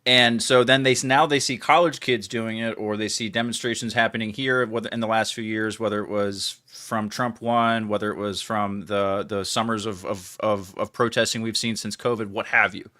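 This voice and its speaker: A young man with a raspy voice, the show's producer, bantering casually and quickly with sudden loud bursts. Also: fairly low pitch, steady tone, no echo, clean studio sound. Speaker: show producer. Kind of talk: casual talk show banter.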